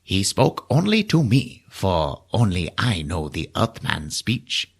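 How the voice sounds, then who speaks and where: A man voicing a solemn alien elder who speaks slowly and formally. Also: deep voice, very animated, creaky, breathy edge, exaggerated voice. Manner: slow, deliberate, formal speech.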